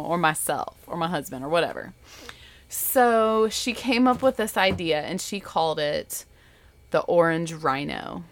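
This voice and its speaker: A woman's voice: on the low side, fairly bright tone. A woman in her thirties telling a story from her bedroom at home, chatty and rambling, with lots of asides. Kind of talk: casual storytelling.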